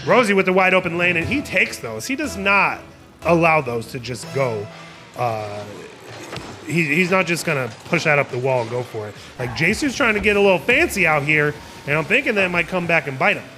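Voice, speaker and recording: Young man, esports caster, playful play-by-play, lively pitch, slightly high voice. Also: normal speed. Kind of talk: live game commentary. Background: music.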